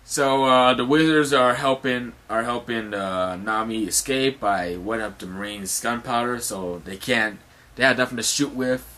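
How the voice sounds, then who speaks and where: A man's voice: mid-range voice, normal speed, pushed and bright. A man casually recapping a comic chapter as host, rambling with many fillers and restarts and some swearing.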